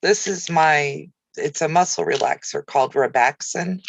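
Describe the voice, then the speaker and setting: A woman's voice: sits low, unhurried, gravelly, dry recording, low-quality recording. A woman hosting a casual livestream chat, talking easily and answering viewer comments by name. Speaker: craft channel host.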